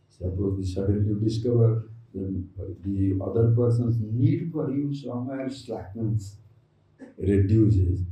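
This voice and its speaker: A man's voice: on the low side, mellow. A man giving a spiritual discourse to a camp audience, teasing his listeners with rhetorical questions and acting out their replies. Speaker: spiritual teacher. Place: large hall at an ashram. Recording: echoey hall, voice from a distant mic.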